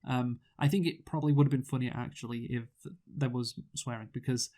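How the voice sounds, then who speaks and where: Man, mid-pitched voice, casual film review, relaxed, hedging. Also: brisk. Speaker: podcast co-host. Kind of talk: casual movie review chat.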